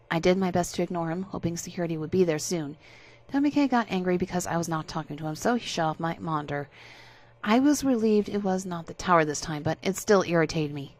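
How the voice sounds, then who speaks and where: A woman reads a story aloud in a steady, casual manner. Her voice sits on the low side. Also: moderate pace. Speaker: narrator.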